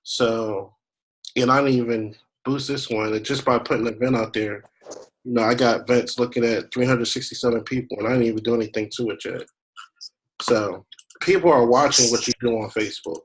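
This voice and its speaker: A man's voice: medium pitch, a little fast, poor audio. A man working as a travel agent, giving a casual online training, thinking aloud as he clicks through pages. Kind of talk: screen-share training walkthrough.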